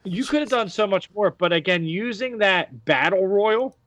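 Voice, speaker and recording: American man, podcast host, fairly high voice, rambling casual talk, dry lo-fi recording. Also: lively intonation, moderate pace, fairly bright tone, dry recording. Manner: rambling, many fillers and restarts. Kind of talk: casual wrestling chat.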